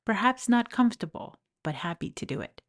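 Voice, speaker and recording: A woman's voice: medium pitch, sing-song, brisk. A woman with an accent hosting a podcast, speaking earnestly and encouragingly as a life coach, telling personal stories while standing at a studio mic in her office. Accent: non-native English accent. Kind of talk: reflective podcast monologue. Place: home office.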